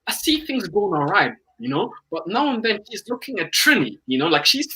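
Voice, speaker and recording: A man with a bright, slightly raised voice and a husky edge chats casually as host. He tells a story in slang and swears freely. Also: sits high, very animated, a little fast, poor audio. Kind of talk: casual chat.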